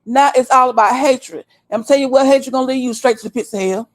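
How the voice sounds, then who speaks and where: A woman over thirty-five hosts a livestream, bluntly scolding her viewers in a heated rant laced with cursing. She talks fast in a high voice, picked up by a desktop stream mic.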